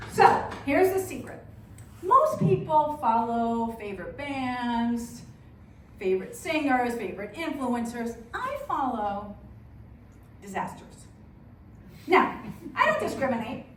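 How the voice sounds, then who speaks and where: Brash high-voiced woman doing stand-up. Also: slight background noise. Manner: brash, conspiratorial, swears freely. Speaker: stand-up comedian. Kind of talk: stand-up comedy set. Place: comedy club stage. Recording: echoey room from a distance. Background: audience laughter.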